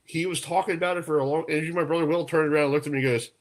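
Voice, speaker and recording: A man from New York hosting a sports talk radio show, telling stories in a lively, laughing way. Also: fairly high pitch, racing. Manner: storytelling, animated, laughs often. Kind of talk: casual radio chat.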